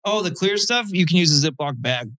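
Male podcast host, tattooer, slightly raised pitch, profane animated storyteller, dry close sound. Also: brisk, no room sound, low-quality recording. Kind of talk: casual chat.

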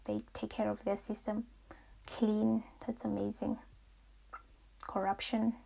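Rambling young woman with gravelly voice. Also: mid-range voice, slow. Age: young adult. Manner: rambling, searching for words, animated when recounting stories. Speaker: podcast host. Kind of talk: reflective solo podcast monologue.

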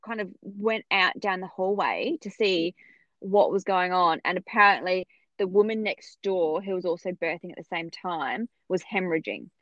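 A woman's voice: moderate pace, no room sound. A woman chatting casually and telling her story with lots of life, throwing her voice way up whenever she quotes other people. The sound is a little dull and very dry, with no room around it. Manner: animated, acts out quoted voices with big pitch jumps. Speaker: podcast guest telling her birth story.

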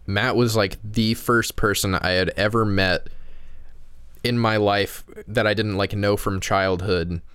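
Smooth, dry-voiced laid-back man. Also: lowish voice, steady tone, measured pace, a bit bright, dry recording. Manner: laid-back, rambling, many restarts and fillers. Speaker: podcast co-host. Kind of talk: casual chat. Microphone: remote call.

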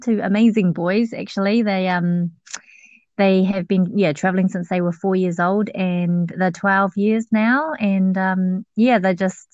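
A woman with a New Zealand accent chats as a podcast guest, her talk full of fillers and restarts. Her voice sits at a middle pitch. The sound is dry and a little muffled, as if over a call. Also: no echo. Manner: chatty, many fillers and restarts. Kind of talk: casual interview chat.

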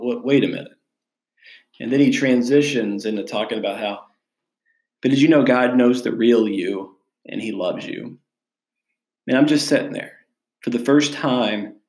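A young adult man, a pastor hosting his own podcast, tells a personal story in a loose, candid, self-deprecating way. His pitch sits right in the middle for a man. The recording has a roomy, echoey sound. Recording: echoey room.

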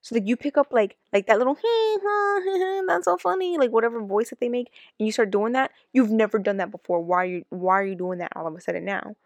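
A woman co-hosting a casual chat who rants in quick bursts and talks over her partner. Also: medium pitch, fairly even intonation, dry recording, studio quality. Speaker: podcast co-host.

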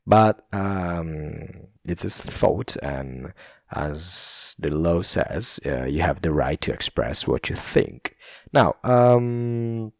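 An Italian man with an Italian accent talks in a low, deep voice at an unhurried pace. He rambles in a casual monologue, laughing often and restarting his sentences. The sound is dry and close. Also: animated, vocal fry, dry recording. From Italy.

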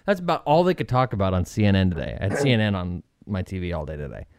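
A man's voice: deep voice, sing-song, racing, slight background noise. A man co-hosting a podcast in casual chat, a chatty storyteller who laughs easily and rambles. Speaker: podcast co-host.

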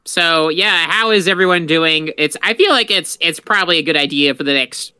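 A bright, smooth-voiced man trades casual banter as a podcast co-host. His voice is a little high with a moderate pace, recorded dry in clean studio sound.

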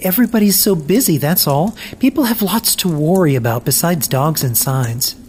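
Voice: mid-range voice, lively intonation, moderate pace, a little mellow, a little hiss or hum, natural voice. A storybook reader voicing a firm, patient mother who corrects her young son.

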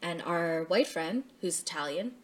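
A woman's voice: lowish voice, expressive, a little slow, a little hiss or hum. A young adult woman who works as a lash tech, talking in a candid, casual way, laughing often and swearing freely. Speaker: lash tech and podcast co-host. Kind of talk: casual chat.

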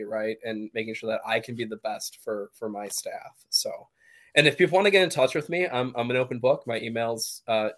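A man's voice: medium pitch, a bit bright. A man as a podcast guest, answering interview questions with many fillers and restarts. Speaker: podcast guest, college leader.

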